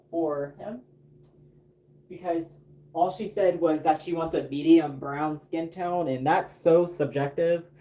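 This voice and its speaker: Painting a doll on a livestream, a man with a slightly high, warm voice chats casually. He rambles, with plenty of fillers and restarts.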